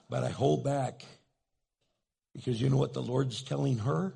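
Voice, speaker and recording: Gravelly, husky man preaching; self-mocking storyteller, acts out the scenes. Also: medium pitch, unhurried, pauses often, dark tone. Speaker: pastor. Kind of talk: sermon.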